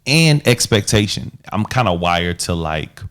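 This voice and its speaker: A podcast co-host with a low, fairly bright voice talks very animatedly but at a measured pace. In casual relationship chat he comes across earnest and reflective, using loose slang.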